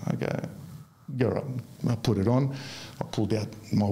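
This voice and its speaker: A middle-aged man, a former soccer player telling stories in casual, animated chat. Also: lowish voice, fast. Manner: animated, laughing while telling anecdotes. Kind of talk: casual storytelling.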